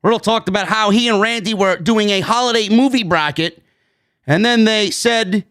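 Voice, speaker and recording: New york guy ranting about wrestling, high bright voice, swears a lot, yells. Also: moderate pace, clean tone. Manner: loud profane ranting, frequent shouting. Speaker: wrestling show reviewer. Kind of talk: ranting show review.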